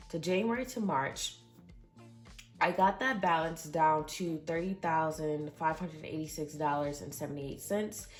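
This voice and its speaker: A young adult woman talking casually and earnestly to her viewers, reading out exact figures. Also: low-pitched. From Michigan, USA. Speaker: budgeting vlogger. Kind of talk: casual budget update.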